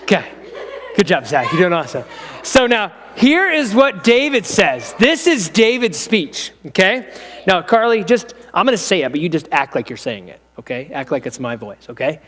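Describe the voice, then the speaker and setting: A male pastor tells a story to children in a playful, engaging way. His voice sits high for a man. The sound carries a long reverb from the church hall. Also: sing-song, moderate pace, fairly bright tone. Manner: playful, draws in listeners and helpers.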